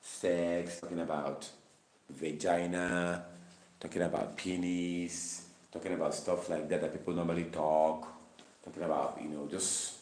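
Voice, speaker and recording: A man's voice: deep voice, level tone, measured pace, darkish tone. A man leading a Bible study, reading verses aloud and explaining them with repeated, emphatic phrases. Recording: roomy, distant mic.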